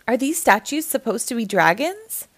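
A woman voicing an eager, excited little boy who keeps exclaiming. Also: fairly high pitch, moderate pace, full character voice.

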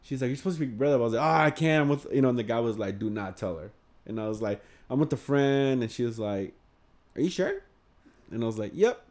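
A man's voice: medium pitch, fast, darkish tone. Young man telling a rambling story. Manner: rambling, swears often, acts out quotes. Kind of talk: casual storytelling chat.

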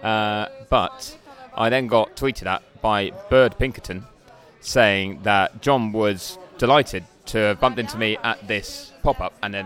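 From a bar, a man co-hosts a podcast, wry and rambling as he tells a story amid casual banter. His voice sits on the low side but carries a fairly bright tone.

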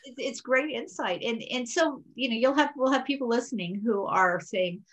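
A woman coaching in a casual conversation, calm and reassuring as she gives advice. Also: fairly high pitch, brisk, few pauses, low-quality recording.

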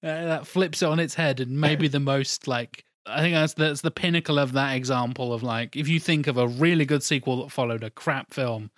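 A podcast co-host chats casually, swearing freely and laughing often, in a mid-range, fairly bright voice at a moderate pace with hardly any pauses. The recording is dry and studio quality.

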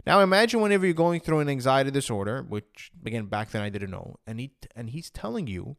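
A vlogger tells his personal story straight to camera in a mid-range, creaky voice with lively intonation and a quick pace. He is earnest and emotional, often acting out what he was thinking at the time, and the studio-quality recording has no echo.

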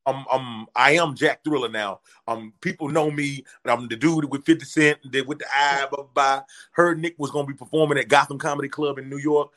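A man's voice: medium pitch, fairly quick, hardly any pauses. A man, telling a story in casual chat and acting out the voices in his quotes. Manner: animated, acts out voices in quotes. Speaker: comedian guest telling a story.

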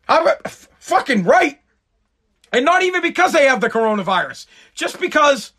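A man's voice: very high-pitched, pushed and bright. A man from the United States ranting sarcastically and profanely on a live stream.

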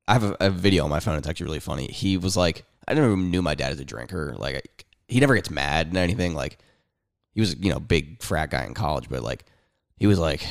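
Deep, gravelly young man telling stories. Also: dry recording, clean studio sound. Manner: rambling storyteller, swears freely, acts out quotes. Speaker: podcast co-host. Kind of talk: casual chat. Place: room at home. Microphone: headset.

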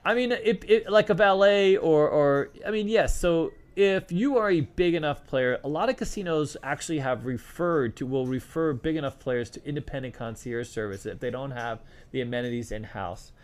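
A man's voice: fairly high pitch, normal speed, smooth. Rambling middle-aged man telling casino stories. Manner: rambling, many fillers and restarts. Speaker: former casino craps dealer answering questions. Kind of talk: casual storytelling Q&A.

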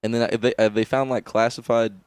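A man's voice: mid-range voice, flat delivery, fast, clear, resonant tone, no room sound. A young man co-hosting a podcast, rambling with fillers, swearing and laughing. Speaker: podcast co-host. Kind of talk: casual chat. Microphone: podcast microphone.

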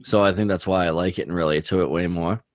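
Very deep-voiced man rambling casually. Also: fairly even intonation, fast, no room sound. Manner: rambling, heavy use of "like" and "dude". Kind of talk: casual chat about music.

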